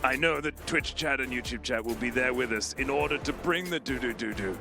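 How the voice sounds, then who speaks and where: A man's voice: medium pitch, fairly quick, music in the background. A man doing play-by-play esports commentary with a theatrical, joking manner, hamming it up as an old man.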